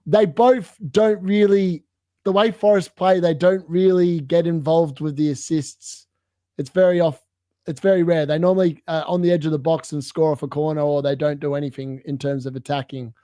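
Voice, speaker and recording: Mellow-voiced man, rambling casual talk. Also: a little high, steady tone, moderate pace, dry recording, studio quality. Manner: rambling, many fillers like "like" and "basically". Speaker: guest. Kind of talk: casual chat.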